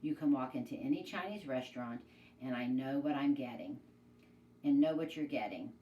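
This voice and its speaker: A woman's voice: extremely low pitch, lively intonation, moderate pace, dull audio. A woman reading aloud as a stubborn, belligerent old grandfather who grumbles and snarks. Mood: grumbling. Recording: echoey room, away from mic, faint noise.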